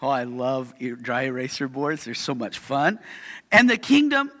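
A man's voice: mid-range voice, sing-song, normal speed, a bit bright. A man preaching a sermon in a chatty storytelling way, often checking in with the congregation. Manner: chatty storytelling, keeps asking "right?". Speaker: pastor. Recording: long reverb of a hall.

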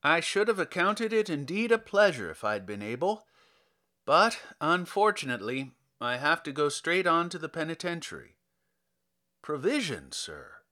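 A man performs a full character voice as a polite, rambling middle-aged police officer who explains things at great length. His pitch is fairly high, with a bright, forceful tone.

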